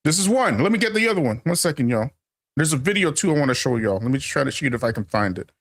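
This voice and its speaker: A channel host with a mid-range, sing-song, fairly bright voice talks at a quick pace in a casual commentary monologue. He is emphatic and repetitive, calls his viewers family, and laughs often.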